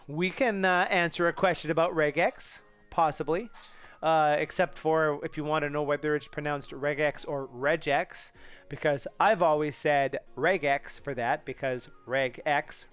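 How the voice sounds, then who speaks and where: A man's voice: fairly high pitch, fairly even intonation, normal speed, fairly bright tone, clean tone. A man hosting a casual live coding stream, thinking aloud and chatting with viewers in a rambling way, with restarts and asides.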